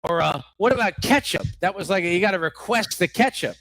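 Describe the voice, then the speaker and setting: A man with a noticeably high voice, recorded dry and close, hosting a live comedy show. He asks absurd questions in a mock-serious tone and drifts into profane, rambling rants. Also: expressive, brisk, a bit bright, no echo. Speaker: comedy podcast co-host. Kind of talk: live improvised comedy interview.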